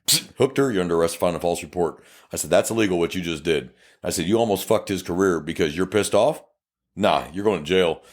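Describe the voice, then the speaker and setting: A man with a South Texas accent tells a police story in a casual podcast chat. His voice sits low but swings widely in pitch. He swears freely and plays out the dialogue himself. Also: quick pace. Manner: profane, animated, acts out dialogue. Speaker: podcast co-host, police officer.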